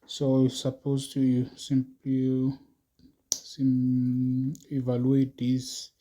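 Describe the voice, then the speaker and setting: Male math teacher, very dark mellow tone, flat delivery, unhurried. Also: medium pitch. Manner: slow, musing, talks to students as he works. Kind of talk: recorded math lesson.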